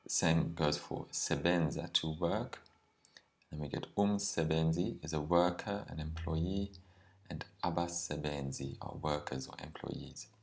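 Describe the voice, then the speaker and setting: Very deep-voiced male language teacher. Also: gravelly. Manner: careful and explanatory, with some ums and slowed words. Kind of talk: explanatory language lesson.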